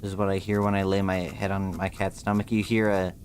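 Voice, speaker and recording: Low-voiced young man thinking aloud while gaming. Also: flat delivery, brisk, a little mellow, a little hiss or hum. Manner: slangy, thinking aloud, swearing casually. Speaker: streamer. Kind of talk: casual gameplay commentary.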